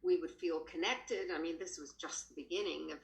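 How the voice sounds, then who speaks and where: A woman's voice: fairly quick, gravelly. A woman with an Australian accent, a horse trainer, telling stories animatedly as a podcast guest. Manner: animated, jumps up in pitch when quoting. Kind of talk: casual storytelling in a podcast. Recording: roomy echo.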